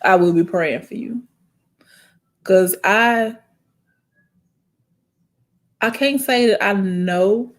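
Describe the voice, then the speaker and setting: A young adult woman hosting a casual chat, speaking straight to her viewers in an animated, preachy way that turns tearful and halting when she gets emotional. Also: medium pitch. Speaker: host.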